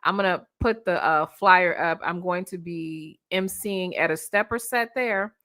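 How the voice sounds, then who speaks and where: Sassy woman livestream host, bright sharp voice, reading comments. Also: fairly low pitch, unhurried. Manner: sassy, teasing, reads out viewer comments.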